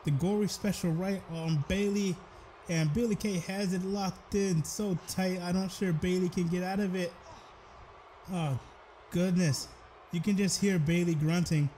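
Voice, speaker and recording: Excitable young man calling wrestling. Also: sits high, unhurried, slight background noise. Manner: excitable, bursts into shouted exclamations. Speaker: video game commentator. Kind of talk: play-by-play wrestling commentary over a video game.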